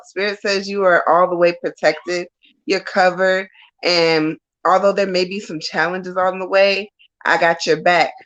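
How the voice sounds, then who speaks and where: Lowish voiced woman reading tarot on a live stream, blunt and chatty, kinda muffled lo-fi audio. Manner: frank, chatty, laughs and curses freely. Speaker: psychic reader.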